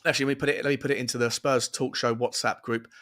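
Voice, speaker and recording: A man hosting a live fan watchalong stream, chatting excitably and reading out viewer comments. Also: medium pitch, rapid-fire. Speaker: fan show host. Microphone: earphones with mic, webcam.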